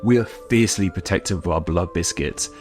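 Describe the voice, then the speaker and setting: A man's voice: low voice, fairly quick, a little mellow, faint music behind. A British man from the United Kingdom giving a scripted explainer, chatty with self-mocking asides. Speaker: YouTuber explaining idioms.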